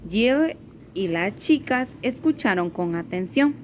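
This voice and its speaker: A woman teacher reading a children's story aloud in a careful, halting way, repeating and correcting words as she goes. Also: on the high side, expressive, a little hiss or hum. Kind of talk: reading a story aloud slowly, then in Spanish.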